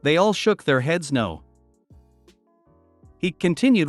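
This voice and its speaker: A man's voice: on the high side, sing-song, slow, no echo. Man narrating stories over faint music. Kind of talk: scripted story narration. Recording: dry with faint music behind.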